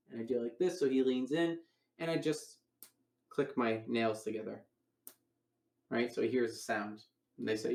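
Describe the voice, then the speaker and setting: A man's voice: medium pitch, brisk, gravelly, a little mellow, echoey room, poor audio. A man teaching a coin magic routine in a casual online lecture, explaining each step and acting out his patter. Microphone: online voice call.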